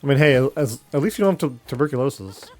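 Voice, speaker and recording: A man's voice: mid-range voice, expressive, quick pace, soft background music. A young man streaming a game live, chatting casually with his viewers and reacting as he plays. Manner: chatty, reacting and talking to chat while playing.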